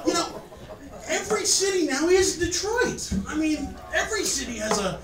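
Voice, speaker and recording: Sarcastic stand-up man in a roomy club. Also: very high-pitched. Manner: sarcastic, self-mocking, bantering with the crowd. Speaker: stand-up comedian. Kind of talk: stand-up comedy set. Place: comedy venue with live audience. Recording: roomy echo, distant mic, crowd noise.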